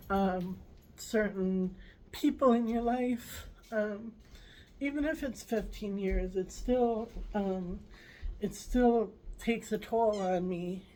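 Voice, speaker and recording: Slow, halting woman vlogger. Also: mid-range voice, mellow, rough recording. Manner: halting and emotional, many fillers and restarts. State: tearful. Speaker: channel host. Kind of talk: personal vlog.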